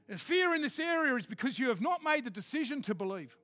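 High-voiced preacher. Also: male voice, sing-song, no room sound, faint music behind. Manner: emphatic, swinging from quick asides to slow shouted declarations. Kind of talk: sermon.

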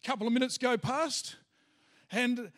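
High-voiced pastor preaching. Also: male voice, fairly even intonation, moderate pace, a bit bright. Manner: chatty storytelling, many fillers. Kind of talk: sermon with personal story.

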